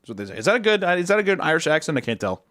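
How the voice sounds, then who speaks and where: A young man streamer riffs casually with his chat, crude and jokey, his voice leaping up and dropping into mumbles. His pitch sits a little high and very animated. The sound is close and dry. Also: rapid-fire, dry recording. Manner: crude, jokey, swings between loud bursts and low mumbles.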